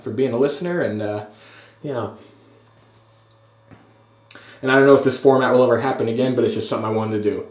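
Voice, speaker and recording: A man rambles through a casual vlog as he trims his beard, restarting sentences and poking fun at himself. His voice sits at an ordinary male pitch, with a roomy echo around it. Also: darkish tone. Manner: rambling, self-deprecating, lots of fillers and restarts. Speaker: host.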